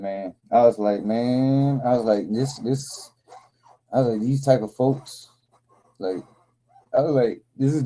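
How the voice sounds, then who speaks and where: Very dark-voiced man telling rowdy stories. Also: mid-range voice, poor audio. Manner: laughing, profane, rambling with restarts. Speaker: livestream host. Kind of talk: casual storytelling chat.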